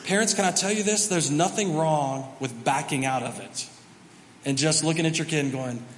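Pastor guy telling funny family stories from the pulpit, kinda high voice, big echoey church. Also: brisk. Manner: storytelling, animated and self-mocking. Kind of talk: sermon. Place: large church auditorium. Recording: reverberant hall, faint background noise.

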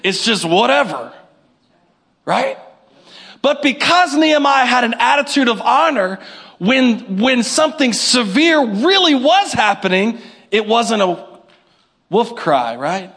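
A man preaching a sermon to his congregation, animated, with call-and-response and little acted-out scenes. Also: very high voice, takes it slowly, slightly rough. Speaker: pastor.

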